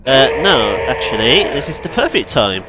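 A man talks his way through a video game in casual let's play commentary. He is excitable and prone to yelps, and his voice jumps around lively from low to high. Game music plays clearly behind him. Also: normal speed. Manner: excitable, yelps and chatty asides. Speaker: gaming video host.

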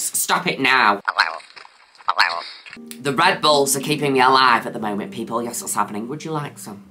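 A woman's voice: moderate pace, pushed and bright. A woman hosting a gaming video, theatrical and camp, full of playful catchphrases. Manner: swoops between high squeals and low drawls. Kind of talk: casual gameplay commentary.

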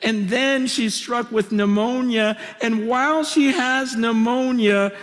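A man preaching a conference sermon, impassioned and swinging between loud and hushed, often stammering and restarting phrases. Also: very high voice, slow. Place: conference hall. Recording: long reverb of a large hall.

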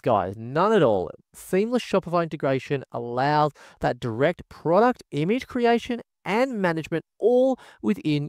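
A man's voice: on the high side, dry recording, clean studio sound. Upbeat man forever saying "guys". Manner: enthusiastic, says "guys" constantly. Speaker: tech reviewer. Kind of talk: screen-recorded product walkthrough.

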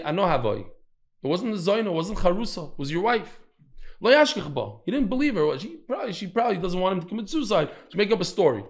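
A man teaching a daily Talmud class, telling stories with lively acted-out quotes and Hebrew and Yiddish terms. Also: fairly high pitch, vocal fry.

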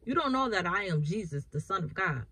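A woman is preaching, reading Bible verses aloud and then explaining them with emphatic repetition. Her voice is husky and animated, swinging high and low. The sound is dry and close. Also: brisk, no room sound, rough recording.

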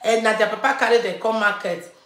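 A woman's voice: on the high side, steady tone, fast, a bit bright. A woman with a Nigerian Pidgin accent telling a family story, repeating lines for emphasis. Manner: repetitive, emphatic retelling. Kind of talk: personal storytelling. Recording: echoey room.

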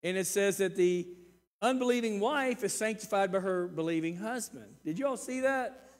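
A man in his sixties preaching a sermon, earnest and repeating words, swinging between loud emphasis and quiet asides. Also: sits high, normal speed. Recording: reverberant church hall.

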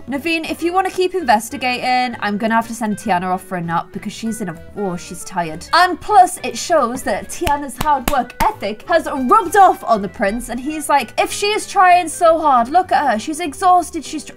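A young woman gives playful, animated commentary on a life-sim game and often talks straight to the characters. Her voice is high and very lively. She gasps often. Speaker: gaming video host.

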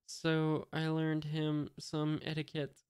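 A man reading the lines of a hot-tempered young male cook in a flat, plain voice. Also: a little high, slow, clean tone, no echo. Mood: curt.

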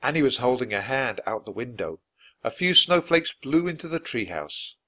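A man reading a children's storybook aloud for English learners in a clear, steady, measured way. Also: medium pitch. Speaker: storybook reader.

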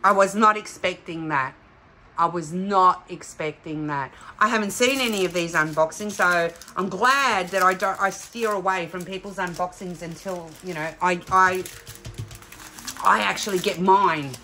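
A middle-aged woman from Australia chatting excitedly as she unboxes craft kits for her vlog. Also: on the low side, normal speed. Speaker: craft vlogger. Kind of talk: casual unboxing chat.

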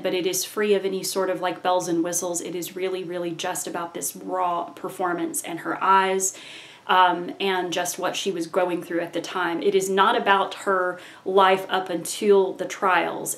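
A woman vlogger earnestly recommending foreign films in a casual talk to camera, with frequent ums and restarts. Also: on the low side. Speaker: film vlogger.

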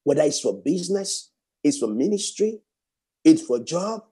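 A man preaching a sermon fervently, repeating phrases and swinging from raised exclamations to hushed prayer. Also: on the high side, big pitch swings, normal speed, husky.

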